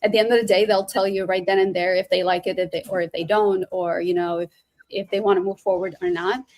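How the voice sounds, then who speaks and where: A woman from Albania hosting a casual podcast interview, friendly and quick to chime in with short replies. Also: medium pitch, level tone, darkish tone. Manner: friendly, quick to laugh along, many short backchannels. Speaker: podcast host, recruiter.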